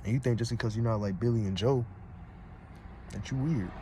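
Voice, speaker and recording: A man's voice: mid-range voice, brisk, slight background noise. A man giving a blunt, streetwise spiritual monologue, talking straight to his viewers and asking "you feel me" again and again. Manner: gets loud and heated when arguing. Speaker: vlogger on spirituality. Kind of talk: casual preachy monologue.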